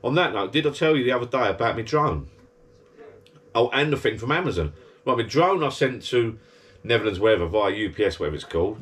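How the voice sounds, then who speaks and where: A man's voice: mid-range voice, expressive, fast talker, fairly bright tone. A man, rambling and grumbling in a casual monologue from his backyard garden bar. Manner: chatty, grumbling rant. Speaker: vlogger.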